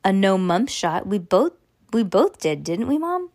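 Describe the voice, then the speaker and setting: A woman's voice: medium pitch, big pitch swings, a little slow, a little mellow. Woman reader doing a teasing kid brother, cheeky and mocking. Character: bratty little brother, teasing boy.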